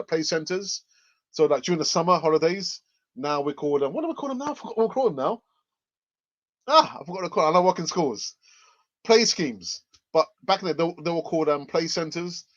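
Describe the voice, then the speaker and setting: A man from England hosts a casual fan channel chat, rambling and repeating himself with many fillers and a cough. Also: a little high. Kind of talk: casual live chat reading comments. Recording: muffled lo-fi audio.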